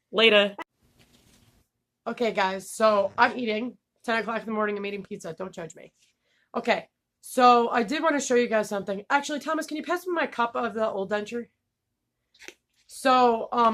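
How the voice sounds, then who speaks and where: A woman's voice: fairly high pitch, a bit bright. A young woman vlogging casually, candid and laughing, swearing freely, with a slight lisp. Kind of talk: casual vlog talk.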